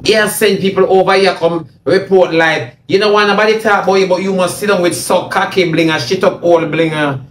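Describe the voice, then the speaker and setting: A man's voice: high-pitched, fairly even intonation, brisk. A man with a Jamaican accent delivers a mocking, repetitive, confrontational rant on a livestream into a phone. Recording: echoey room, faint noise.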